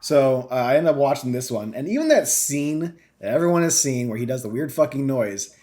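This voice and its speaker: A man co-hosting a gaming podcast rambles through his take, full of ums and casual swearing. He gets animated when something bugs him. His voice sits at an ordinary middle pitch. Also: a little fast. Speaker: podcast co-host. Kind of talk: casual chat.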